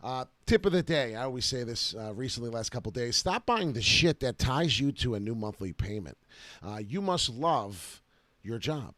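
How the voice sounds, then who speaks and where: A man hosting a casual crypto live stream, excited and rambling with lots of filler "uh"s, talking into a close desk mic at home. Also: medium pitch, moderate pace, no echo. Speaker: crypto video host.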